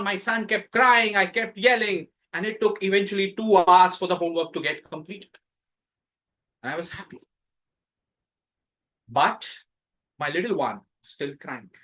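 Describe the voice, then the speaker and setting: A middle-aged man from India with an Indian English accent, giving a prepared contest speech with dramatic pauses and emphatic rises. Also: on the high side, sharp tone, rough recording. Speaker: contest speaker. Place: club meeting room.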